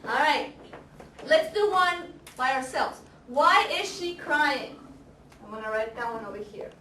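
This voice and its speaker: A woman teaching an English grammar class, speaking slowly and deliberately, repeating example sentences and quizzing her students. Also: sits high, expressive, pushed and bright. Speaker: ESL teacher. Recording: echoey classroom, camera far off, faint noise.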